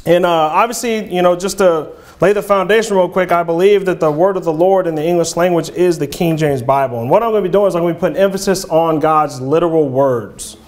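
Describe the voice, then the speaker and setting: A man preaching an earnest, halting sermon in a church, with frequent fillers and restarts. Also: fairly high pitch, darkish tone. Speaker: lay preacher.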